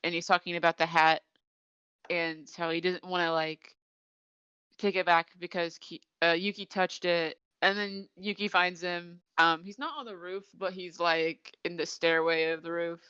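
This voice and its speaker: A woman's voice: on the low side, steady tone, moderate pace, pushed and bright, smooth, no echo, lo-fi sound. A woman co-hosting a podcast, rambling through a casual episode recap with lots of "like". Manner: rambling retelling, many "like" fillers. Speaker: podcast co-host.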